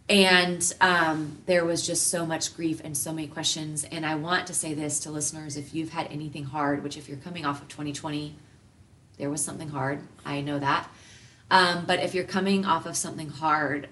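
A woman in her thirties telling a personal story as an interview guest, earnest and heartfelt, moving between hushed softness and lively bursts. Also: sits low, normal speed, distant mic.

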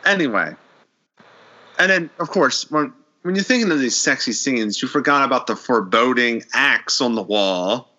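A man in a casual podcast chat, retelling a horror episode with animated storytelling and acting out the characters' lines. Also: medium pitch, moderate pace, lo-fi sound.

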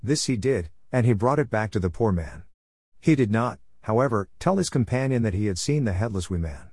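A man narrating a folk tale in a steady, plain way. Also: fairly low pitch, brisk, slightly rough, no room sound, clean studio sound. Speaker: storyteller.

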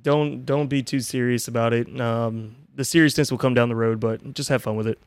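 Male podcast guest, easygoing and joking; mid pitch, dry close sound. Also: fairly quick, clear, resonant tone, dry recording. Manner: relaxed, joking, brief reactions. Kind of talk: casual chat.

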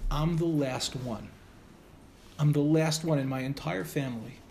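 A man speaking as an earnest young man, quiet and resolute. He talks slowly and solemnly, in a fairly high voice. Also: slight background noise, lightly acted.

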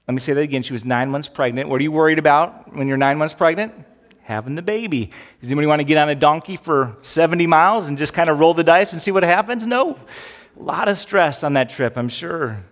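A man's voice: a little high, fast, long reverb tail. Conversational man preaching a sermon. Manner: conversational, animated preaching with rhetorical questions. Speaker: pastor.

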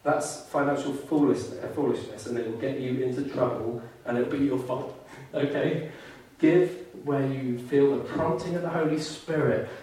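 A man's voice: mid-range voice, steady tone, normal speed, hardly any pauses, a little mellow. A man preaching a sermon with earnest fervour, now and then mimicking grumbling churchgoers in a put-on voice. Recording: very echoey hall, mic far off.

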